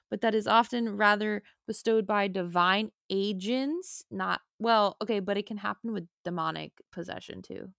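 Woman podcast cohost, kinda gravelly, loose storytelling, swears some. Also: mid-range voice, fairly bright tone, dry recording, studio quality. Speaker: podcast co-host. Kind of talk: casual chat.

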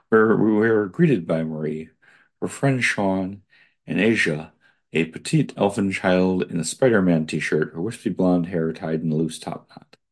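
A man's voice: low-pitched, a little mellow, husky. A man reading an article aloud and breaking off to add his own digressive comments.

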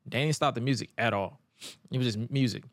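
Animated man recapping wrestling on a podcast. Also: mid-range voice, brisk, no room sound, studio quality. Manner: animated storytelling, acts out quotes, stammers. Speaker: podcast co-host.

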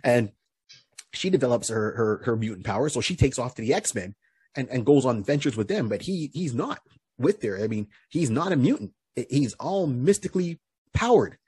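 A man's voice: mid-range voice, sing-song, moderate pace, darkish tone, slightly rough, no echo, studio quality. A man co-hosting a podcast, casually recapping a comic book hero's story, rambling with lots of fillers and restarts. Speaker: podcast co-host.

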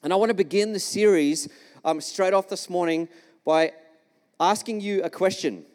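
Male pastor, high voice, storytelling sermon, long church-hall reverb. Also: moderate pace, darkish tone. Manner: storytelling, engages the congregation with questions.

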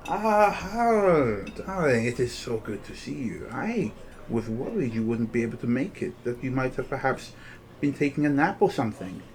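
A man voicing a tall, haughty female cat-person rival who talks down to others with drawn-out, condescending sneers in a tabletop game. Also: mid-range voice, very animated. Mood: sneering.

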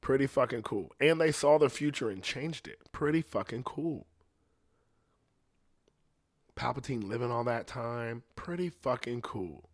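A young man, a singer, in a rambling casual monologue, swearing freely and jumping between excitement and low asides. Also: normal speed, hardly any pauses. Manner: profane, excitable, rambling with restarts. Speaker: singer ranting to camera.

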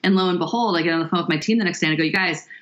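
Low-voiced woman telling a story. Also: very fast, highs cut off. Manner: animated, draws out words for emphasis. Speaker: guest. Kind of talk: conversational storytelling.

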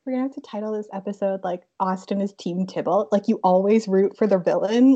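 A woman's voice: mid-range voice, a little fast, dark tone. A young woman co-hosting a podcast in casual chat, giggly and full of "like" fillers. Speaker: podcast co-host. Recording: dull lo-fi sound.

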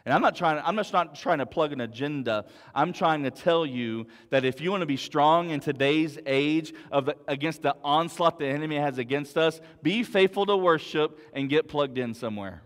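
A man's voice: fairly high pitch, moderate pace, few pauses, long reverb tail. A man preaching a sermon as pastor, earnest and storytelling, repeating words as he builds his point.

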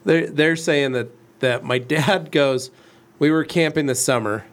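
A man in his forties co-hosts a relaxed studio livestream, his voice sitting a touch high. He rambles into long anecdotes with loose, conversational pacing. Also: unhurried. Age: 40s. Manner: storytelling, rambling. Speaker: co-host. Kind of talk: casual livestream chat.

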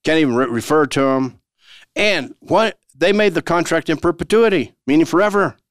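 A man's voice: on the high side, lively intonation, normal speed, no echo, studio quality. A man hosting a show and explaining law in a chatty way, asking rhetorical questions and chuckling now and then. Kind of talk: casual legal commentary.

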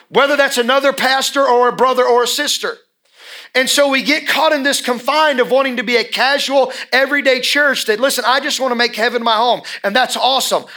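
Bright, high-voiced preaching man. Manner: emphatic preaching with repeated phrases. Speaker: pastor. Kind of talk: sermon. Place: church.

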